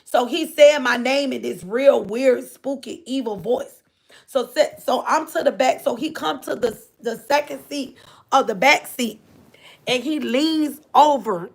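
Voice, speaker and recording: A woman telling her viewers a story in a loose, rambling way. Her voice sits high and has a rough, gravelly fry running through it. She repeats phrases and keeps turning to speak straight to her listeners. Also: fairly bright tone. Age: adult. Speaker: livestreamer reading viewer comments.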